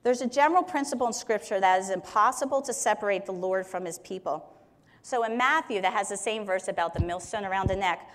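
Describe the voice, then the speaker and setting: A woman's voice: mid-range voice, fast. A woman teaching on Scripture in a conversational way, explaining verses with everyday examples. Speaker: Bible teacher. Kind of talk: Bible teaching talk.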